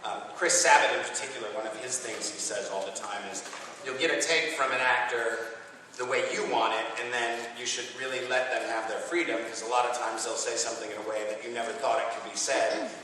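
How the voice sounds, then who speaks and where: A man from Texas answers questions at a convention panel. His voice is bright and lively, and he laughs easily between stories. He is recorded from far off in a big echoey hall with a faint hiss. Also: mid-range voice, a little fast. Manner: chatty, laughs often, animated storytelling. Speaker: voice actor and panel guest.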